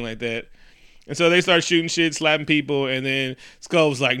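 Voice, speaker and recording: Animated man recapping a movie, bright crisp voice. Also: fairly high pitch, normal speed. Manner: animated, acts out characters in quoted voices, laughs often. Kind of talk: casual movie recap chat.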